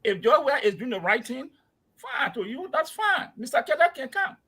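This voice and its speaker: A Liberian man on a panel, arguing forcefully and pressing others with pointed questions. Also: very high voice, big pitch swings, normal speed, slightly rough. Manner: forceful, interrupting, rising to loud questions. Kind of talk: heated panel debate.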